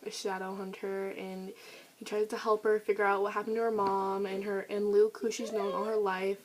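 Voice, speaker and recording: A teenage girl, a book vlogger, chats eagerly about her favorite books in a casual review vlog, gushing and leaning on lots of fillers. Her mid-range voice has a flat delivery at normal speed. The audio, captured on a camera mic, is poor quality.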